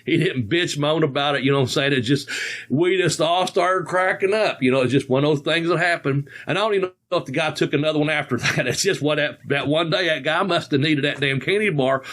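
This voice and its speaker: A man's voice: a little high, a little fast, fairly bright tone. A man in his sixties, a podcast host, telling stories in a rambling, folksy way with frequent chuckles. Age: 60s. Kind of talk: casual storytelling.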